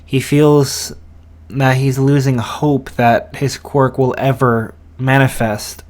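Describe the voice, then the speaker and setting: A man's voice: medium pitch, little pitch movement, slow pace, darkish tone. A man casually narrating a fan story, hesitant, with many fillers and restarts.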